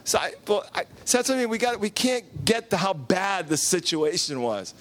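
A high-pitched man preaching in a church in a loose, conversational way. He acts out the characters' lines and keeps turning to the congregation with questions. His voice jumps up when he plays the shocked listeners. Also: moderate pace. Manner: animated, acts out quotes, asks the congregation questions. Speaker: pastor. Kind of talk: casual sermon storytelling.

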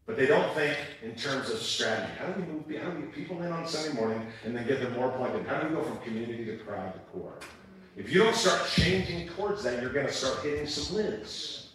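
A male pastor preaching a sermon, telling stories in an animated, humorous way, recorded in a church auditorium. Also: mid-range voice, a little fast, slight background noise. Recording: echoey church hall from far off.

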